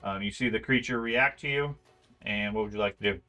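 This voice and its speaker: A man runs a tabletop game, describing the scene at an easy pace and filling pauses with ums. His voice sits a little low but carries a bright, forward tone. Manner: unhurried scene-setting with frequent ums. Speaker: game master.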